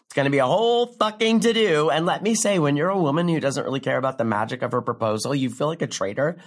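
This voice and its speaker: A sardonic young comedian rambles through a profane stand-up story, her pitch leaping high and then sinking low for a deadpan aside. She sounds brash and self-mocking, in a scripted drama. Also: quick pace. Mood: wry.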